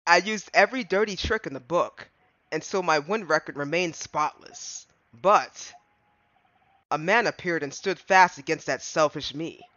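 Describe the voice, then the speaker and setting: A proud, remorseful prosecutor speaks low and measured, as a man reads his part aloud. The voice sounds bright. The recording is close, dry and a bit muffled. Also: dry recording. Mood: solemn.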